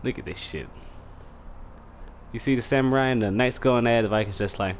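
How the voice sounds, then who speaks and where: A young man casually commenting while playing a fighting game, trash-talking opponents and shouting battle cries. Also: medium pitch, brisk, slight background noise. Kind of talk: casual let's-play commentary.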